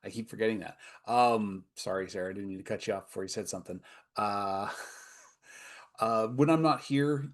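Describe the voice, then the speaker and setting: Male host, lower voice, laid-back rambling handoff. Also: normal speed. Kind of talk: casual stream introduction.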